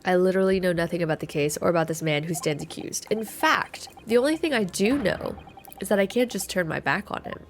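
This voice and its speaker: A woman's voice: fairly low pitch, animated, brisk, a little hiss or hum. A woman voicing an earnest, nervous young male law student, polite and flustered, in a game playthrough. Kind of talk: video game voice-over playthrough.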